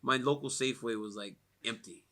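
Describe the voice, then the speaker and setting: Bright, lively American man. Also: medium pitch, brisk. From United States. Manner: animated storyteller, laughs often, many "like" fillers. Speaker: interviewee at a fight media day. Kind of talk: casual media interview.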